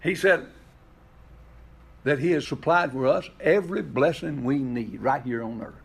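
A man's voice: mid-range voice, unhurried, gravelly, breathy edge. A man preaching a sermon, asking rhetorical questions and voicing the scripture he quotes with expression. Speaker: pastor.

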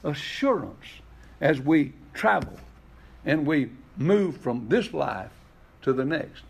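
A male pastor delivering a sermon, high-pitched for a man and swinging widely up and down. His voice has a gravelly, husky grain as he works through rhetorical questions. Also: takes it slowly. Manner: expressive preaching with rhetorical questions and acted scripture quotes.

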